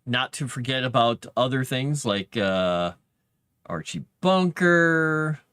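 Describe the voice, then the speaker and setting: A man's voice: mid-range voice, lively intonation, takes it slowly, a bit bright, smooth, dry recording. A man streaming live as he writes fantasy lore, chatting casually and rambling, and reading his drafts aloud under his breath.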